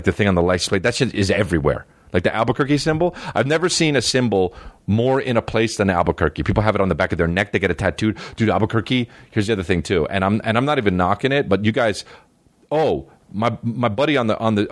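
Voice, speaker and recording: A man's voice: low-pitched, no echo. A male comedian hosting his podcast, telling loose, profane, meandering stories full of fillers in a studio. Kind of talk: rambling casual storytelling. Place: recording studio.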